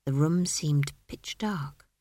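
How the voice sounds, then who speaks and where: A woman narrating a comic fantasy novel with expressive, dramatic storytelling. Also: deep voice, takes it slowly, no room sound. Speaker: audiobook narrator. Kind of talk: scripted narration.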